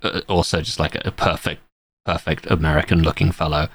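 A man's voice: rumbling low, little pitch movement, a little fast, a bit bright, no echo. A man in a casual podcast chat, making sweary, sarcastic asides about a film. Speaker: podcast co-host.

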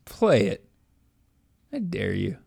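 A man's voice: fairly low pitch, wildly swooping pitch, slow pace, vocal fry, darkish tone, husky, faint music behind. Young male co-host, casual rambling storyteller, self-deprecating. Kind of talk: casual chat.

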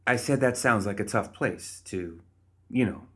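A man's voice: fairly low pitch, a little slow, close to an everyday voice. A man voicing an impatient, dry-toned woman investigator questioning a prisoner in a storybook reading. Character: weary, impatient female investigator.

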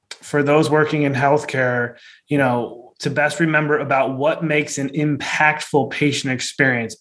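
A man's voice: fairly high pitch, fairly bright tone, poor audio. Friendly man hosting an interview. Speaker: podcast host. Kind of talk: interview questions.

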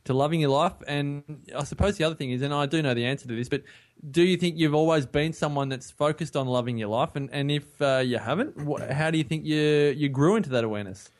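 A man's voice: on the high side, quick pace. A man co-hosting a podcast, chatting in a friendly way and asking leading questions. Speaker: podcast co-host. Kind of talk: casual chat.

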